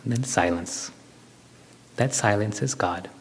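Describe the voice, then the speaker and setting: Man, low voice, patient spiritual lecturer, echoing hall. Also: unhurried, slight background noise. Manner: explains step by step with everyday examples. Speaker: spiritual speaker. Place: hall with an audience.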